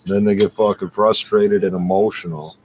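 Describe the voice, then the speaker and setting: Man, low voice, confrontational rant, swears a lot, taunting, dull lo-fi recording with faint hiss. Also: flat delivery, moderate pace, a little mellow. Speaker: streamer talking to camera. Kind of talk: profane rant to camera. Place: at his computer.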